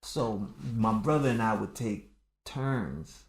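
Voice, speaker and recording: A man's voice: lowish voice, slow pace, a loud crowd. A man in his thirties telling a childhood story on a casual podcast, acting out everyone's lines. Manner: animated storyteller who acts out everyone's lines. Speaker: podcast co-host. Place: home room. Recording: roomy home recording.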